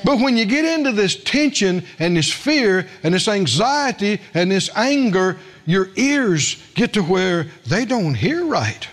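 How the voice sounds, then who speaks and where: High, animated preacher man. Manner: storytelling with acted quotes, asks the congregation questions. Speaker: pastor. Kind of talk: sermon.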